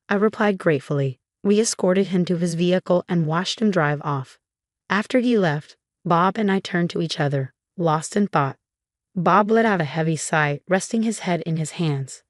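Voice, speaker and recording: Woman narrating a story, lowish voice. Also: normal speed, no room sound, clean studio sound.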